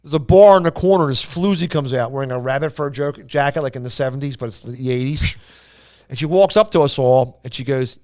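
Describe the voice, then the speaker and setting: A man's voice: fairly high pitch, fast talker, a little mellow. A man hosting a podcast, telling a long story in casual chat and acting out the quoted voices. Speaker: podcast host.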